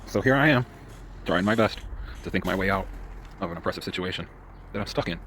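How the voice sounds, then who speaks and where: A man's voice: low-pitched, fast, a bit bright, slight background noise. A man ranting to the camera in a profane, agitated monologue that keeps going off on tangents. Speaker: vlogger. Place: in a vehicle.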